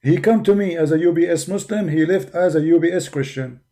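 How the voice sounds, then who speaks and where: A man's voice: fairly high pitch, a little fast, mellow. Combative man with an Arabic accent. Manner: combative, mocking, emphatic. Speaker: religious debater. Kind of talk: polemical monologue.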